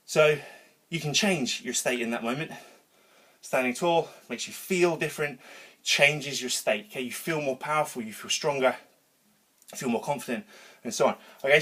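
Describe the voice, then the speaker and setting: Worked-up man ranting after a workout. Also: medium pitch. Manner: energetic, rambling, swears casually. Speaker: vlogger. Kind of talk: motivational talk to camera. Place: home garage gym.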